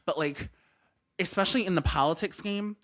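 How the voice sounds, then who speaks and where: A man's voice: sits high, moderate pace, fairly bright tone. A man hosting a casual podcast chat, talking emphatically and repeating his points for stress. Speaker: podcast host.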